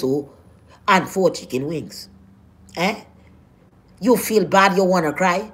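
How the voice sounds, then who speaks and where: A woman's voice: on the low side, lively intonation, slow pace, pauses often. A woman with a Jamaican accent delivering a scolding, confrontational vlog rant full of rhetorical questions. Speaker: vlogger. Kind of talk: ranting vlog.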